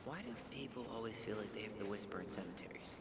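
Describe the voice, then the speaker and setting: An actor voicing an easygoing, curious young man in story game dialogue, relaxed and friendly. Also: lowish voice, fast talker, noisy background, natural voice.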